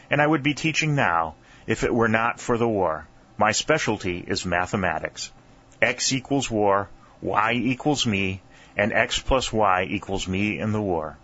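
A bookish young soldier, played by a man reading, lays out every thought in precise, formal words. The voice is low and measured. The recording sounds muffled and lo-fi. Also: bright, forceful tone. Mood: precise, dry. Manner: precise, formal, pedantic diction.

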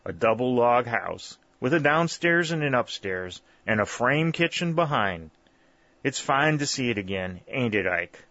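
A man's voice: medium pitch, sing-song, a little slow, sharp tone, dry recording, exaggerated voice. A man reading voicing a hearty middle-aged backwoods mountain man who talks in a folksy, jovial drawl. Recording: dull, lo-fi dry recording.

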